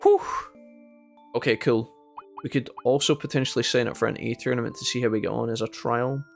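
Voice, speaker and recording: A Scottish man chatting casually to his viewers while playing a game, telling animated stories between moves. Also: medium pitch, brisk, vocal fry, soft background music. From Scotland. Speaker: gaming streamer. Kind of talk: casual gameplay chat with storytelling.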